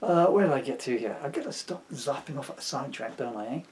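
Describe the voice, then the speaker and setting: Quick and lively, with a medium pitch and a slightly mellow tone, a man reads from his own comic novel. He often stops to digress with jokes at his own expense.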